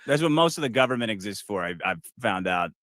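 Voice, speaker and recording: Wisecracking male, animated pitch, crude casual banter. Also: fast talker, dry recording.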